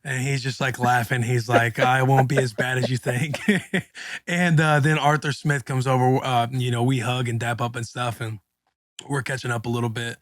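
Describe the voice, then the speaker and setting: Here the ex-linebacker, a man in his thirties, chats casually on his podcast, using slang and voicing quotes as he tells a story. He talks at a moderate pace with a medium pitch and fairly even intonation, and there's no echo.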